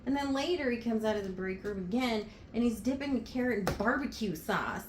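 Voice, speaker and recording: A woman telling a funny story in a casual, animated way, swearing now and then. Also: mid-range voice, fairly quick. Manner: animated, lively retelling with swearing. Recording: roomy, noisy, off-mic.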